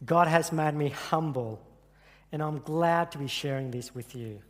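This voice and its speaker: Earnest man preaching in a reverberant hall. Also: fairly high pitch. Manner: earnest, halting with repeated restarts. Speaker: church speaker. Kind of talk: sermon with personal story. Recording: echoey hall with long reverb.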